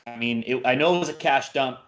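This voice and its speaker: A man with a middle-pitched voice co-hosts a casual sports talk show. His talk is loose and slangy, peppered with "dude" and "like". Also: a little fast, fairly bright tone. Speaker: sports podcast co-host.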